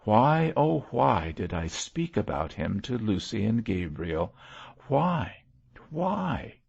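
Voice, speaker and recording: A man's voice: lowish voice, big pitch swings, measured pace, vocal fry, darkish tone, muffled recording, exaggerated voice. A man voicing a passionate, defiant middle-aged wife, speaking vehemently and emotionally.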